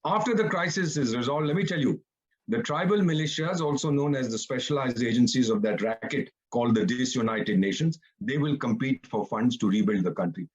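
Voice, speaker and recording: Man in his seventies, husky voice, sarcastic and theatrical, muffled audio. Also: medium pitch, brisk. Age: 70s. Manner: sarcastic, theatrical, mocking asides. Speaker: retired ambassador, panelist. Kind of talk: animated panel talk.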